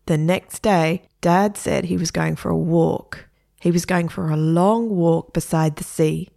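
An Australian woman reading a children's story aloud, relaxed and chatty with little asides. Her voice sits slightly low for a woman. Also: measured pace, gravelly.

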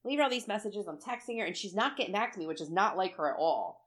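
Talking fast in a mid-range voice, a woman tells a story in casual conversation with plenty of feeling. She acts out her own lines and swears freely.

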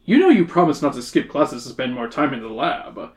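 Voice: medium pitch, sing-song, fairly quick, natural voice. A podcast reader voicing a scruffy, irritable male science teacher who scolds sternly. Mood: disapproving. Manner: stern and muttering.

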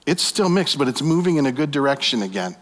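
A man's voice: mid-range voice, big pitch swings, quick pace. A man preaching a sermon, retelling a story vividly with many rhetorical questions to his listeners. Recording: long hall reverb.

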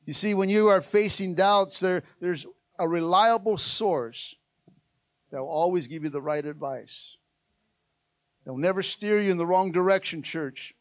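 A male pastor preaching a sermon, calling out to the congregation and swinging between rousing exhortation and soft, hushed passages. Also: a little high, no echo, clean studio sound. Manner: calls out to the church.

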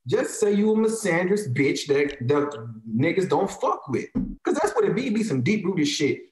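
A man's voice: a little high, very animated, moderate pace, reverberant, rough recording. A man in his thirties with an African American Vernacular English accent, ranting in casual talk; heated, profane and emphatic, repeating lines to drive his point home. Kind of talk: casual opinionated rant.

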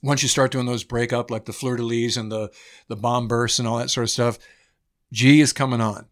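A man in his fifties, a former naval aviator, tells stories on a podcast in an easy, rambling way, scattering fillers and casual swearing. His voice sits at an ordinary middle pitch, and the recording is plain and close. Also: brisk. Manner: relaxed and anecdotal, swears casually, many fillers. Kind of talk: casual storytelling chat.

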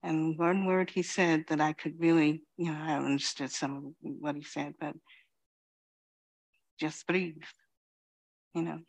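Slow, low-voiced woman giving a dharma talk. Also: level tone. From Queens, New York. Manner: reflective, halting, with pauses and "you know". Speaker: Zen teacher.

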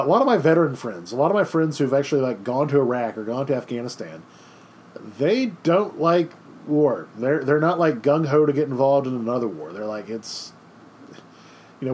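A man's voice: mid-range voice, a little mellow, a little hiss or hum. A young adult man giving a casual, chatty history lecture, full of fillers and playful quoted asides. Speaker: history teacher.

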